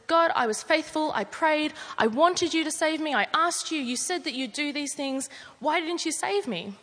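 A woman voicing a panicky, stubborn man stranded on a flooded roof, refusing help in high, insistent bursts. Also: animated, moderate pace, pushed and bright. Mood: indignant.

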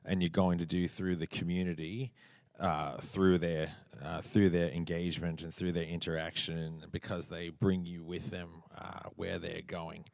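A pastor praying a blessing over a couple, measured and halting. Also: male voice, low-pitched, little pitch movement, vocal fry, darkish tone, no echo. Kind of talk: spoken blessing prayer.

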